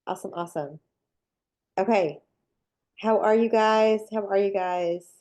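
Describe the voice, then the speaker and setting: With a sinus infection leaving her nasal and congested, a woman leads a cookie-decorating webinar live, cheerful and meandering in her chatter. Her medium-pitched voice has a darkish tone, fairly even intonation, and a slightly slow pace.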